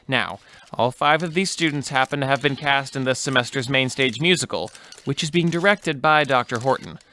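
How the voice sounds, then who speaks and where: A man's voice: medium pitch, moderate pace, pushed and bright, a little hiss or hum. A man playing an officious spokesman at a press conference in a comedy sketch, fussily correcting everyone.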